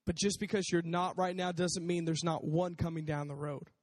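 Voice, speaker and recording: Guy preaching casual, high voice, lots of hall reverb, chatty and animated. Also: moderate pace. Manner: conversational, animated, acts out voices. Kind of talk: casual sermon.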